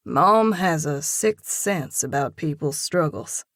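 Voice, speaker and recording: A woman voicing a gentle, teasing young man. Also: low voice, lively intonation, takes it slowly, no room sound, clean studio sound, heavily acted. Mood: coaxing. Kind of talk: audiobook dialogue.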